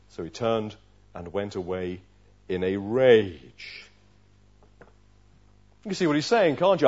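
Lively man preaching a sermon. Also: fairly low pitch, takes it slowly, long pauses. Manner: expressive, acts out the voices of the story. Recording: dull lo-fi recording.

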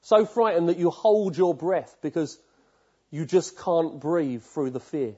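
Mellow, husky-voiced male preacher. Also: a little high, a little slow, dull audio. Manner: vivid storytelling, asks listeners questions. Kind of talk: sermon.

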